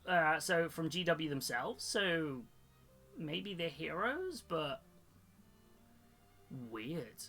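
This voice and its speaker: Man, hobby streamer: bright, slightly high voice, loose rambling chat. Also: sing-song, drawn-out words, pauses often, soft background music. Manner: rambling and chatty, with many fillers and restarts. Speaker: hobby streamer and model kit seller. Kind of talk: casual live-stream chat while building models.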